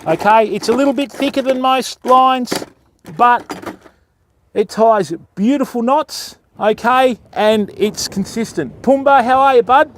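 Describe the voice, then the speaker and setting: An Australian man with a notably high voice hosts a casual fishing livestream outdoors on a beach. He chats to the viewers as he works, greeting them by name. Faint outdoor ambience sits behind him. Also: unhurried, a little hiss or hum. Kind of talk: live-stream chat while fishing.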